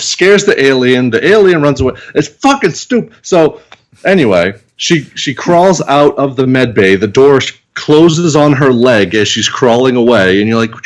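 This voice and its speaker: A mid-pitched man recaps a movie on a podcast, swearing freely as he goes. He tells it scene by scene and acts out the characters' lines. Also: lively intonation, normal speed. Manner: profane, vivid blow-by-blow retelling with acted-out quotes. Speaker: podcast reviewer. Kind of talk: casual chat.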